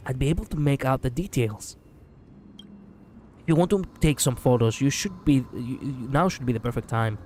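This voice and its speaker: A man's voice: medium pitch, animated, moderate pace, a little mellow, faint music behind. A man with a Greek accent on a gameplay livestream, reading the game's text aloud in a playful way and joking between lines. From Greece. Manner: playful, breaks into laughter and quips between read-out lines. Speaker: streamer.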